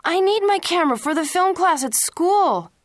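A woman's voice: lowish voice, steady tone, measured pace, vocal fry, no echo. A woman reading the lines of a teenage boy who earnestly apologizes to his parents. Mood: protesting.

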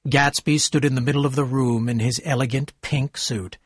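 Male narrator, steady storybook reading, slightly husky, dry close sound. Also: medium pitch, normal speed, no echo.

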